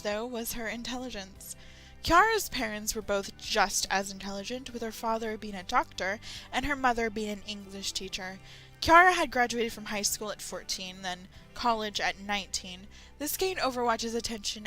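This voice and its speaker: Young woman, high bright voice, reads fan fiction aloud and breaks off for sarcastic, swearing asides. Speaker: fan fiction reader and host. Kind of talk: dramatic reading with comic asides.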